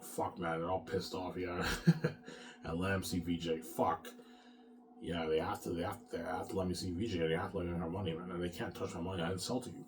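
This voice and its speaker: A man's voice: sits low, flat delivery, fairly quick, music in the background. A man rambling through a profane personal monologue, often stammering and repeating himself. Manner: repetitive, profane, stammering restarts. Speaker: vlogger.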